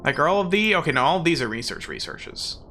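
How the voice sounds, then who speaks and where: A man's voice: a little high, big pitch swings, quick pace, bright, forceful tone, soft background music. A young man streaming a game, rambling in casual, goofy, self-mocking chatter.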